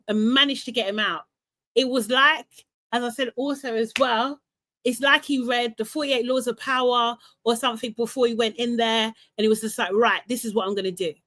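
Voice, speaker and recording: A young woman hosting a live recap stream, talking in an animated, ranting way with quick laughs and repeated words. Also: fairly high pitch. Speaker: host of a live reality TV recap show. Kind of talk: casual live-stream chat.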